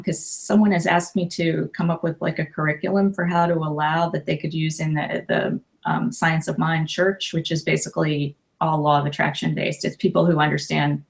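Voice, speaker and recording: In a casual interview, a fifties-aged author and life coach shares her thoughts with warmth and feeling, often backtracking to restart. Her voice sits low and has a gravelly texture.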